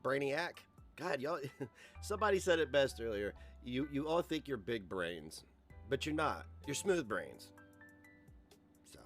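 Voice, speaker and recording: A man's voice: mid-range voice, very animated, a little slow, a bit bright, soft background music. A man hosting a livestream in a casual, rambling rant, profane and self-mocking. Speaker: livestream host.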